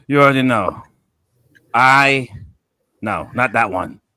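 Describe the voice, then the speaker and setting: Slow bright-voiced guy playing up his d&d character, dry close sound. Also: medium pitch, expressive, dry recording. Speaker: player. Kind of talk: tabletop role-play. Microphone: online stream call.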